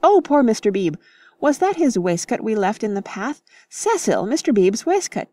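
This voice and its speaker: Woman reader as excitable older lady, easily shocked, gushing exclamations, dry studio. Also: a little high, normal speed, dry recording, voice pushed up. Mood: fretting.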